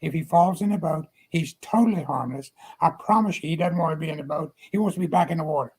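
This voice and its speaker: An older man, a guest, tells stories in a folksy, homespun manner. His voice is husky and sits a touch high. He sprinkles practical advice between the turns of the tale. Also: fast, darkish tone, rough recording. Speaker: guest storyteller. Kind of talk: folksy storytelling.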